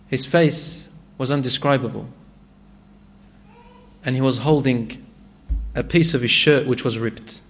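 A man preaching a sermon, reciting Arabic verses and retelling a story with rising emotion. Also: medium pitch.

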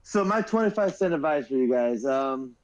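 A man's voice: medium pitch, animated, moderate pace, a little mellow, muffled recording. A man co-hosting a podcast, calling in over voice chat, telling loose stories and swearing a lot. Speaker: podcast co-host. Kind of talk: casual chat.

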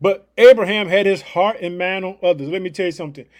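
Fired-up high-voiced male preacher. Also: fast talker, darkish tone. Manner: fired-up and emphatic, repeating catchphrases. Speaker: podcast preacher. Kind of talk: upbeat devotional podcast sermon.

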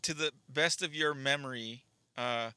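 Bright-voiced teasing man. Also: mid-range voice, measured pace, clear, resonant tone, no room sound. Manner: teasing, crude jokes. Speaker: podcast co-host. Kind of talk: casual podcast chat.

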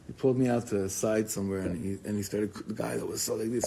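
A man giving an informal, animated Torah class, telling stories and mixing in Hebrew and Yiddish words. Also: lowish voice, fast, creaky, heavy background noise. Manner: animated storytelling, code-switching with Hebrew and Yiddish terms.

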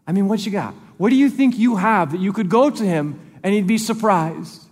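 High-voiced pastor preaching in a reverberant hall. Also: male voice, animated, moderate pace, hardly any pauses, darkish tone. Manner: earnest and conversational, repeating phrases for emphasis. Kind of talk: sermon. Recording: long reverb of a large hall.

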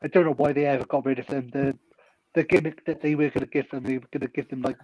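A man's voice: medium pitch, steady tone, quick pace, darkish tone, dry recording, poor audio. Dry-sounding man, rambling. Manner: rambling, opinionated fan talk. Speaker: podcast co-host. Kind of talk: casual chat.

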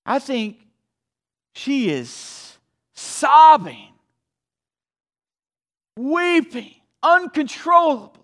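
A man preaching a sermon with a strikingly high voice. He speaks slowly and deliberately, swinging between hushed passages and emphatic pushes. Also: sing-song. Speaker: pastor.

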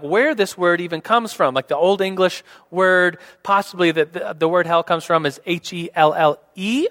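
High-voiced young man preaching in a hall. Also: fairly bright tone. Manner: casual, rambling, many fillers and restarts. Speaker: pastor. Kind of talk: sermon. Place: church hall. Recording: reverberant hall.

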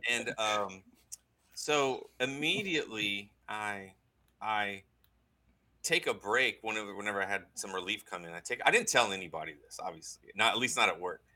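A man, a guest on a talk show, telling a personal story in an earnest, halting way with many restarts. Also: on the low side, pushed and bright, low-quality recording.

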